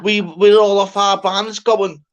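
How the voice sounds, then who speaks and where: A man's voice: high voice, little pitch movement, moderate pace, a bit bright. Rambling man telling a wild story. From Scotland. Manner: rambling, repeats "lad" and "get on this". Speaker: storyteller on a chat panel. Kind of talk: casual chat, swearing anecdote.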